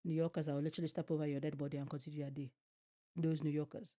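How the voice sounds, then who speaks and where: Talking very fast in a low-pitched voice, a woman streamer rants at a TV show from home at night. Her casual reaction is animated and full of swearing aimed at the screen.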